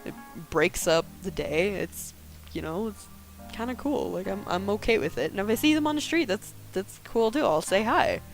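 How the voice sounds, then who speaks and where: A woman's voice: mid-range voice, lively intonation, normal speed, creaky, faint music behind. Candid, rambling woman gamer. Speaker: game streamer. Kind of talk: casual let's-play commentary.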